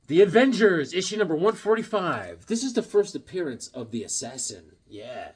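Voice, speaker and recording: A man showing off his comic book collection in a casual, jokey vlog, with sudden loud exclamations. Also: fairly high pitch, sing-song, normal speed, few pauses, breathy edge. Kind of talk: casual show-and-tell vlog.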